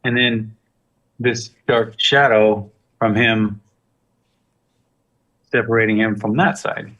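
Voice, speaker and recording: A man's voice: lowish voice, fairly even intonation, slow pace, a bit bright, recorded from a distance, muffled recording. A man teaching a live painting demonstration, talking loosely and joking while he works. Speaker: guest painting instructor.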